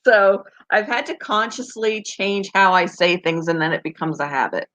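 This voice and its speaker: A woman's voice: medium pitch, unhurried, a bit bright. A woman from Canada with a Canadian accent, chatting casually on a live stream, giggly and answering viewers' comments. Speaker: pet channel host.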